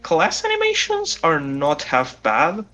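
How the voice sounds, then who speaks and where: A man's voice: a little high, huge pitch swings, slow pace, bright, forceful tone, soft background music. Blunt, cursing man in gaming chat. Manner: blunt and profane.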